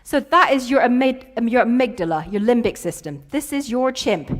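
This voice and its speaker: A woman's voice: on the high side, lively intonation, moderate pace. A woman, telling playful stories in a conference keynote. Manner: playful storytelling with acted-out quotes. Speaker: keynote speaker.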